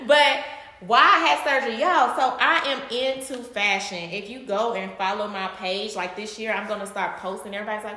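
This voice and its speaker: A woman's voice: medium pitch, normal speed, slight background noise. Chatty woman vlogging in an echoey room. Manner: chatty, addresses viewers as y'all; animated, laughing, acting out her past reactions. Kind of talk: casual chat to camera. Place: her home.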